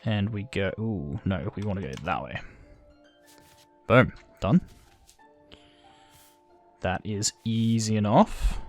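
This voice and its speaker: A man's voice: fairly low pitch, animated, slow, pauses often, soft background music. A man with an Australian accent giving casual, self-deprecating let's-play commentary, thinking aloud as he plays. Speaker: gaming channel host.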